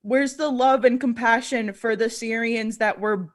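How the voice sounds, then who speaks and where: A woman co-hosts a casual political chat in a slightly high voice. She is dismissive and scoffing, with plenty of fillers like "like" and "you know". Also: steady tone, measured pace. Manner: dismissive, filler-heavy, says 'like'. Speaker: co-host.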